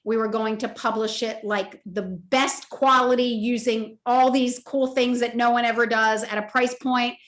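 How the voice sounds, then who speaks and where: A woman in her fifties, an author telling a personal story in an emotional, animated way at a virtual interview event, acting out the voices in her story. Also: on the high side, unhurried, few pauses. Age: 50s. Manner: animated, emotional, acts out quoted dialogue. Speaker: author and toy company co-founder. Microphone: video call.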